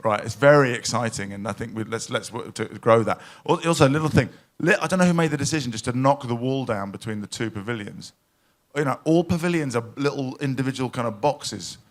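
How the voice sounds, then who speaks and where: A man giving an emotional, anecdotal speech at a live event in a pavilion, full of restarts and halting asides. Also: mid-range voice, animated. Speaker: panel speaker at a climate event.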